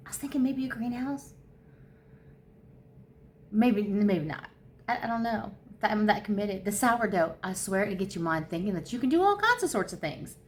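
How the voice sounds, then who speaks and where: A woman in her fifties chatting casually at home for her crochet vlog, rambling and easily excited. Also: medium pitch, normal speed, a little hiss or hum. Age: 50s. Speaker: crochet vlogger. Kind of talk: casual chat.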